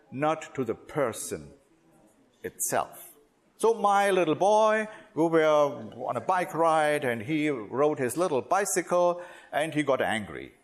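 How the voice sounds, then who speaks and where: A man leads a religious workshop in a slightly higher register, his pitch rising and falling with strong expression. He speaks slowly, pausing often and restarting phrases. His English has non-native phrasing. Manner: slow, deliberate, with many pauses and restarts.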